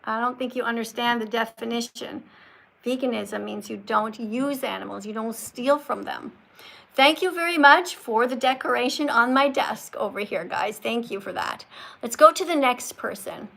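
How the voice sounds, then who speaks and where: Emphatic lecturing woman with a gravelly voice. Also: on the high side, moderate pace, fairly bright tone. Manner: emphatic, lecturing, corrects pronunciation. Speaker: livestream host talking with callers. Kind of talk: live-stream call-in chat.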